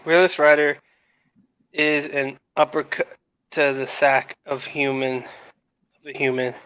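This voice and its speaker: A man's voice: medium pitch, flat delivery, a little slow, a bit bright, clear, resonant tone, poor audio. A man co-hosting a live-stream chat, reading viewer comments aloud and asking joking questions with frequent laughter.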